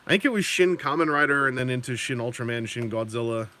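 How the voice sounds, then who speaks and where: A man's voice: medium pitch, animated, fast talker, bright, forceful tone. A man casually chatting on a live stream while painting miniatures, rambling and correcting himself with chuckling asides.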